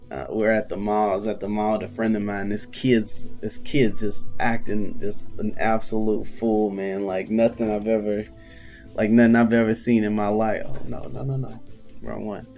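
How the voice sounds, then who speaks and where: A man chatting casually on a game development stream, telling animated stories and laughing often. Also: fairly low pitch, vocal fry. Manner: animated storyteller, acts out voices, laughs often.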